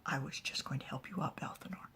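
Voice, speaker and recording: A woman's voice: fast talker, pushed and bright, natural voice. A woman voicing a spiteful, scheming female clan rival in a hissing, accusing near-whisper. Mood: frightened fury.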